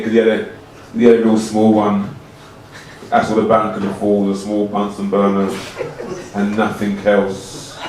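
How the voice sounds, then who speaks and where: A man delivering an absurd comic monologue in a slow, rambling, deadpan way with broken grammar, heard from a distance in an echoey room. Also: lowish voice, noisy background. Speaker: comedian.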